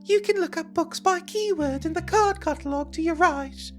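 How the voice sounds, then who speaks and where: A man voicing a prim female librarian in a high falsetto with an English accent. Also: normal speed, soft background music. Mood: stern.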